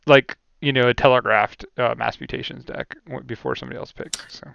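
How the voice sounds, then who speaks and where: A chatty man calls a card game match with a gravelly, resonant voice, often laughing and full of fillers. The sound is dry and a little muffled. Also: mid-range voice, steady tone, brisk, fairly bright tone, no room sound. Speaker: co-commentator. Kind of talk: casual card game commentary.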